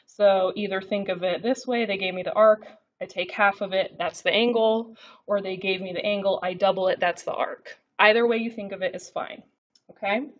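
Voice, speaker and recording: A woman teaching a recorded math lesson, working through notes as she writes. She keeps checking in with her students with a quick "okay?". The recording sounds a little dull and lo-fi. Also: mid-range voice, fairly even intonation. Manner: talks while writing, frequent "okay?" check-ins.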